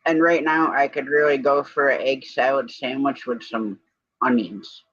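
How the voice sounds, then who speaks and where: A woman's voice: extremely low pitch, steady tone, unhurried, fairly bright tone, slightly rough, no echo. A woman co-hosting a live stream in a casual, rambling chat, breaking off now and then to give commands to her dog. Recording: dull lo-fi stream audio.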